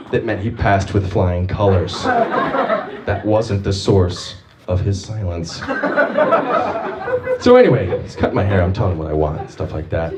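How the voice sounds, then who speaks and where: A man telling stand-up stories at an open mic in a jumpy, animated way. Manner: animated, jumpy storytelling with big pitch swings. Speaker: stand-up comic. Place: small open mic venue. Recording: distant mic with audible noise.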